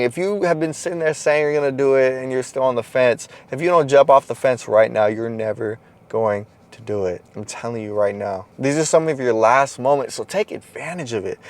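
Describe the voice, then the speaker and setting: A man giving a blunt, profane motivational monologue to his viewers, swinging between loud urging and low, quiet stretches. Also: fairly quick. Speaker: motivational content creator.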